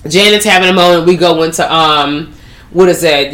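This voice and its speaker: A woman hosting a podcast, recapping a movie in animated, profane slang. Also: low voice, moderate pace. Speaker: podcast host. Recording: roomy echo.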